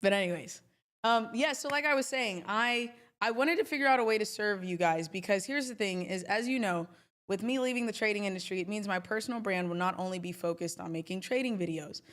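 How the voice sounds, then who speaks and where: Young woman on a live stream, chatty and emphatic, mid-pitched, talks straight to her viewers. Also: brisk, fairly bright tone. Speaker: trading livestream host. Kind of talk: casual livestream talk.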